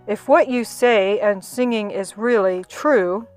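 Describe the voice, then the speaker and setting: A woman's voice: takes it slowly, a little mellow, soft background music, close to an everyday voice. A woman singing as a doubting policeman. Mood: teasing. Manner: sung in a lower register. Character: grown male policeman singing a doubting verse.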